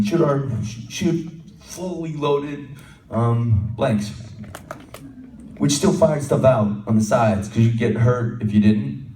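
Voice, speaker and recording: A man's voice: mid-range voice, takes it slowly, warm tone. Joking man on an echoey convention stage. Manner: joking, self-deprecating storyteller. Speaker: convention panel guest. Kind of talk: casual anecdote telling. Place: large convention hall. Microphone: handheld mic. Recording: echoey hall, distant mic, faint noise.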